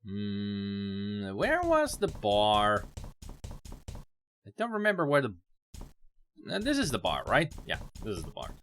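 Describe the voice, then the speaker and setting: Rambling let's play gamer, very lively pitch. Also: slow pace, long pauses, a little hiss or hum. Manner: rambling, self-mocking asides. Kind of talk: casual let's play commentary.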